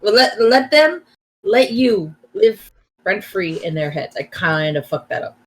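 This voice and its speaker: A woman's voice: mid-range voice, expressive, measured pace, poor audio. Laid-back woman, faint background noise. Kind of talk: casual livestream chat.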